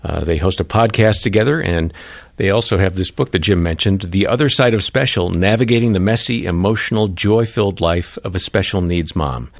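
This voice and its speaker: A man as an announcer, reading out a guest introduction in a measured, steady way. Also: sits low, gravelly, dry recording. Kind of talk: read introduction.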